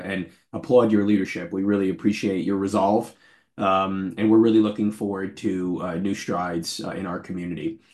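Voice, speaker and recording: A man in his forties giving an academic talk over a video call from his office, earnest and friendly, with a voice that is going hoarse. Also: fairly low pitch, a little mellow. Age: 40s. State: losing his voice. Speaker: invited lecturer. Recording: roomy echo.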